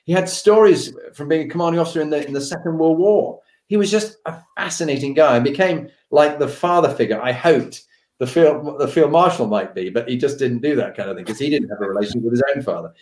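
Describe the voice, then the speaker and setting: A middle-aged man, a podcast host being interviewed, telling an anecdote with animated delivery. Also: a little high, fast. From United Kingdom. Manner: animated, acts out the voices of the people in his stories. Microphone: video call. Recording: roomy echoey room.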